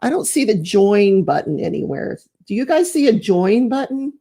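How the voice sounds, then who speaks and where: A woman's voice: mid-range voice, sing-song, normal speed, dark tone. A middle-aged woman hosting a live crafting stream from home, chatting casually, rambling and laughing as she reads out viewer comments.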